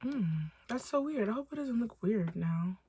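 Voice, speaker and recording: A young woman from Los Angeles telling a storytime vlog in casual, animated style, swearing freely and acting out quotes. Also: on the high side, normal speed, breathy edge. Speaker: storytime vlogger.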